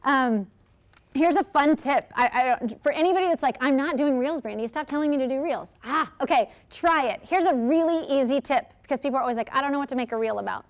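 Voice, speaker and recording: A woman giving a lively, chatty workshop talk, answering audience questions and acting out quotes. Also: sits high, quick pace. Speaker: speaker at a workshop.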